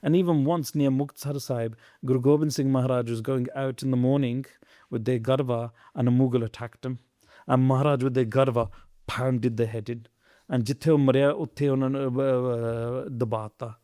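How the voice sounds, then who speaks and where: A man's voice: mid-range voice, steady tone, normal speed, no echo. Impassioned man telling history, dry sound. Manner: earnest, preachy, swings between loud emphasis and quiet asides. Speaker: podcast storyteller. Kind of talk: impassioned historical storytelling in a podcast chat.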